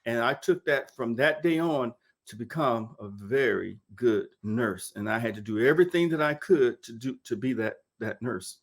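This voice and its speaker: A middle-aged man from Mississippi recounts his path into nursing in a relaxed oral history interview. He brings the story alive by acting out the lines of the people in it, and often repeats words as he goes. He sits at a mid-range pitch and talks over a video call. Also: normal speed. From Mississippi, United States. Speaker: nurse interviewee.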